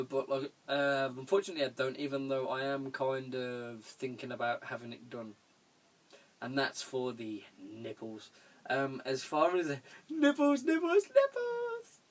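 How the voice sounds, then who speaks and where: A young vlogger answers viewer questions at normal speed in a mid-range voice, rambling along with frequent chuckles and easygoing profanity. The casual Q&A video is recorded in a room at home.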